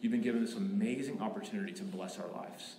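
A man preaching a sermon as pastor, emphatic and animated, often repeating and restarting his phrases. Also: lowish voice, quick pace, background noise. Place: church sanctuary. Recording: echoey room.

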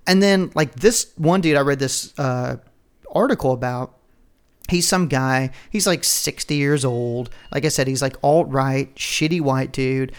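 Man, podcast co-host, casual rambling chat, swears freely, laughs mid-sentence, mid-pitched voice. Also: clear, resonant tone. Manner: rambling, profane, quick to laugh.

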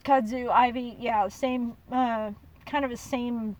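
A woman, hosting a podcast and telling a story in a chatty, animated way. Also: a little high, slow pace, far from the mic, poor audio. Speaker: podcast host. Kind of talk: casual storytelling.

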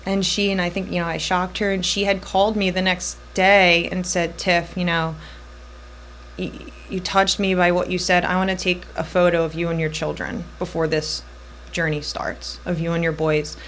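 A woman's voice: lowish voice, flat delivery, a bit bright, slight background noise. A woman in her thirties telling her personal story as a podcast guest, jumping around between moments and quoting the people involved. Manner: tells her story in quick, looping bursts, voicing others in her quotes.

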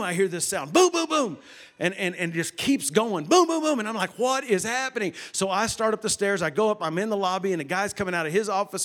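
Animated pastor preaching. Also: male voice, a little high. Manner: animated, swings from loud bursts to hushed retelling. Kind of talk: sermon storytelling.

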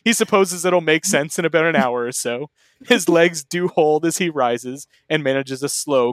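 Guy reading fanfic out loud all mock serious for laughs, dry close mic. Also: on the high side, no room sound. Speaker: podcast host reading fan fiction aloud. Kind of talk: comedic dramatic reading.

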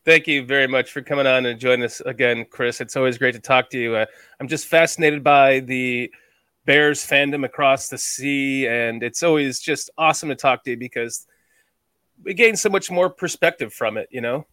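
A man's voice: medium pitch, normal speed, bright, forceful tone, dry recording. A man from the United States hosting a casual sports podcast, chatty and rambling, with a self-deprecating streak. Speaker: podcast host.

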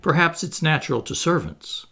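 A man's voice: a little high, big pitch swings, moderate pace, gravelly, sharp tone, husky, voice pushed up, exaggerated voice. A man reading aloud, voicing a young noblewoman who speaks with earnest, pleading tenderness. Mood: tender.

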